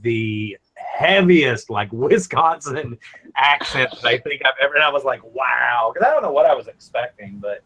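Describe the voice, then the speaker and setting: A man with a Southern US accent hosting a casual show and telling stories with lively swings between loud and quiet. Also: mid-range voice, brisk, few pauses, rough recording. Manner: animated storytelling, swings from loud to quiet asides. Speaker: host. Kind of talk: casual chat.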